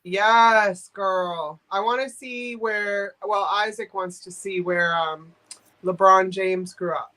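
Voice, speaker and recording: A woman's voice: medium pitch, fairly even intonation, slow pace, bright, forceful tone, low-quality recording. A woman hosting a live vintage sale, chatting and joking often. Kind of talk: casual sales chat.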